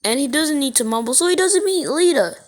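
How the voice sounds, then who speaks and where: A woman's voice: high-pitched, lively intonation, fairly quick. A woman casually retelling a fan story as narrator, rambling and correcting herself as she goes.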